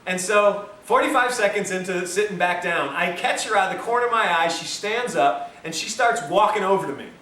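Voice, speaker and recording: A man giving a health lecture, telling a story with a lively, self-mocking manner to a room of listeners. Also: high-pitched, brisk, few pauses. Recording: roomy, distant mic, faint hiss.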